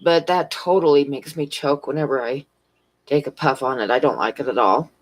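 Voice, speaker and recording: Her pitch is extremely low and her pace moderate, captured in a low-quality recording. Working as a convenience store clerk, she chats on a live stream at home near a fish tank, rambling through stories with frequent laughter.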